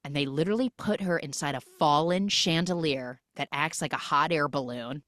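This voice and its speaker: A woman hosting a podcast, retelling a film with jokey, animated storytelling on a close mic. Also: deep voice, normal speed, dry recording. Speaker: podcast host. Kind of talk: comic film recap.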